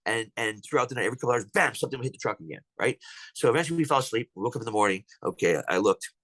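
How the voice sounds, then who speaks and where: A man's voice: medium pitch, lively intonation, rapid-fire, fairly bright tone, dry recording, rough recording. A man on a podcast telling a personal encounter story at length, rambling with many restarts. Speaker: podcast guest.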